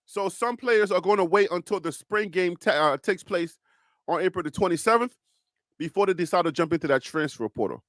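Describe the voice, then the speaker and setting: A man hosting a live sports talk show, speaking in a calm, reassuring, preacher-like cadence and often repeating and restarting phrases. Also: sits high, fairly quick, no echo, studio quality.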